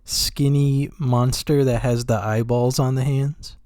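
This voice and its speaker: Man, podcast co-host, slow-talking, wry, mellow, dry close sound. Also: medium pitch, fairly even intonation, dry recording. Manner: laid-back, wry. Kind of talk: casual chat.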